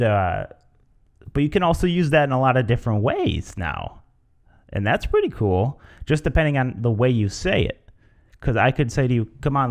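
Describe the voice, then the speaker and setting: Alone on his podcast, a man rambles casually and acts out different tones of voice. His voice is mid-range with a darkish tone.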